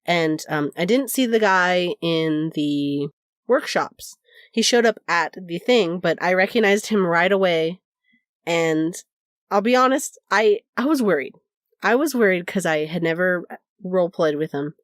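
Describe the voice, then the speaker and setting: A woman co-hosting a podcast casually recounts an anecdote, acting out the quoted voices and laughing often, in an easygoing storytelling chat. Her voice is on the low side at a measured pace, with clean studio sound and no room sound.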